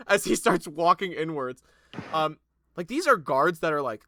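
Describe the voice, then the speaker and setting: Bright-voiced man running a tabletop game. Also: high-pitched, animated, normal speed, no echo, clean studio sound. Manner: loose, profane, laughing storyteller. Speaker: game master. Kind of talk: casual tabletop game narration.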